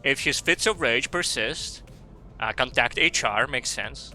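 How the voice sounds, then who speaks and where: A man's voice: mid-range voice, expressive, unhurried, bright, forceful tone, soft background music. A man with an Australian accent doing casual, rambling gaming commentary, reading game text aloud between asides. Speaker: streamer.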